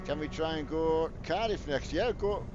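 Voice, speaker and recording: A man's voice: on the high side, moderate pace. A middle-aged man, chatting casually and self-mockingly to viewers by name while live-streaming a game. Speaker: gaming streamer. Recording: dull lo-fi with loud truck game noise.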